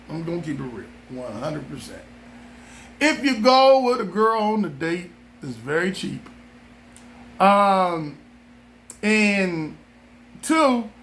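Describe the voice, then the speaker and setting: A man's voice: high voice, a bit bright. A man from Southern California talking straight to camera in a casual, joking, rambling monologue, repeating himself for laughs. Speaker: vlogger.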